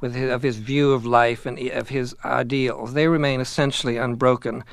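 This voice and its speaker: Measured man reading and summarizing a novel. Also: mid-range voice, fairly even intonation, clear, resonant tone, no room sound. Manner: measured, with hesitant fillers in summary.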